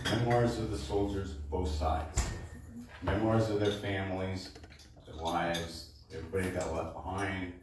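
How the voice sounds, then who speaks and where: A man, a baritone singer, casually introducing his show to a live supper club audience and often checking in with "okay?". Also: little pitch movement, a little slow, noisy background. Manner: chatty, keeps checking in with "okay?". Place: supper club performance room. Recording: echoey room, distant mic.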